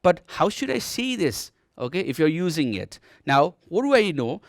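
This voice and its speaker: Lively Nepali-accented English teacher. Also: male voice, on the high side, normal speed, creaky, no echo, clean studio sound. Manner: explanatory, repeats "okay" often, demonstrates rising and falling tones. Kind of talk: televised distance-learning lesson. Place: TV studio.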